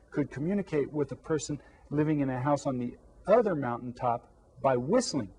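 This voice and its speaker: A man teaching a children's Spanish lesson, speaking slowly and clearly and asking questions, then pausing for the kids to answer. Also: medium pitch, dark tone, poor audio. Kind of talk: scripted classroom lesson for children.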